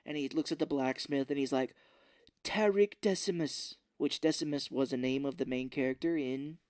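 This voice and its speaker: A man's voice: medium pitch, brisk, clean tone, no room sound. A man co-hosting a podcast, recapping a movie in casual chat and breaking into voices of the characters. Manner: animated retelling, jumps into quoted character voices. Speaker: podcast co-host.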